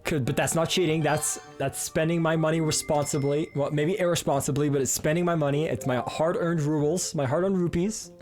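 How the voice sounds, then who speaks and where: A man's voice: a little high, fairly even intonation, fairly quick, few pauses, darkish tone, soft background music. Playful stammering male game streamer. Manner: playful, joking, stammers and repeats words. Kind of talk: live gameplay commentary.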